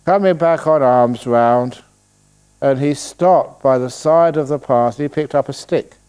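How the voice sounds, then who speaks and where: A man, a Buddhist monk, giving a relaxed dharma talk at a retreat, telling stories and answering questions with playful humor. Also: medium pitch, clear, resonant tone. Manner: storytelling, playful, slows voice to demonstrate calm. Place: retreat hall.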